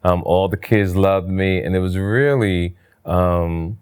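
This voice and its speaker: A man from New Jersey telling stories in a casual interview, his voice jumping up high when he acts out what people said. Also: slow pace, clean tone. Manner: animated storyteller, voice jumps high for quoted lines. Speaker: interview guest, comedian.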